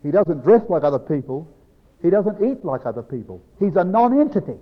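A man preaching a Bible exposition to a congregation, slow and emphatic, dropping low and soft on key phrases. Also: sing-song. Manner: addresses congregation as brethren and sisters. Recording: dull lo-fi recording with long hall reverb.

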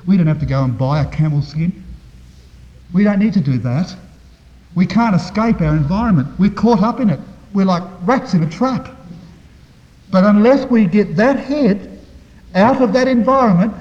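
A man preaching a sermon, explaining Bible verses and often addressing his listeners as brethren and sisters, moving between quiet reflection and loud emphasis. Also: sits high, expressive, moderate pace, pauses often. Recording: dull, lo-fi recording in a reverberant hall.

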